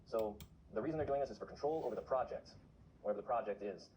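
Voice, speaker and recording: A man's voice: lowish voice, fast, darkish tone, muffled recording, slight background noise. A man talking to camera in a casual vlog, urgently exhorting his viewers. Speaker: vlogger on remote viewing.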